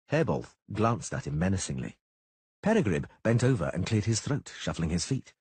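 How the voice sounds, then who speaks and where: A man narrating an audiobook in a husky voice, with measured storytelling. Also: sits low, very animated, a little mellow, no echo. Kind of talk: scripted narration.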